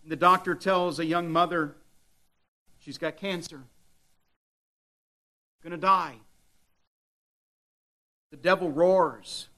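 A man's voice: on the high side, steady tone, slow, pauses often, pushed and bright. A man preaching a sermon with dramatic delivery, at times voicing the devil's taunts. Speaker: pastor.

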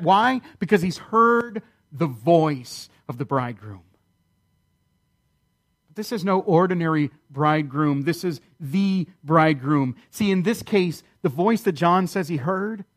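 A man preaching a sermon in an earnest, emphatic way, repeating key phrases and slowing down to stress key lines. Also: sits high, expressive. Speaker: pastor.

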